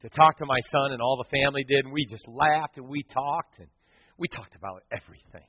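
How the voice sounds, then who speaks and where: A middle-aged man preaching a sermon, telling stories and swinging from hushed to loud. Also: medium pitch, brisk, husky. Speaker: pastor. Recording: dull sound with long hall reverb.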